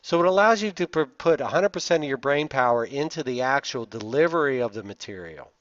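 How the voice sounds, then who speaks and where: A man's voice: medium pitch, fairly bright tone, no room sound. A man from the Southern United States with a Southern accent, lecturing over slides with emphatic stress on key words and frequent "uh" fillers. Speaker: instructor. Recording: dull, dry lo-fi sound.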